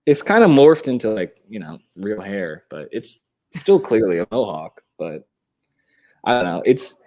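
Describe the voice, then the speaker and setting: A man's voice: fairly low pitch, sing-song, unhurried, a little mellow. A young man on a video call, chatting casually and rambling, laughing often and swearing. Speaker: podcast guest.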